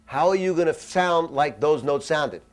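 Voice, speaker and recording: A man leads a jazz masterclass, his voice sitting a little high for a man. He talks in a loose, animated, conversational way and slips in little acted-out asides. The room sounds dry. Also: moderate pace. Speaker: jazz saxophone teacher. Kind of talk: masterclass lecture.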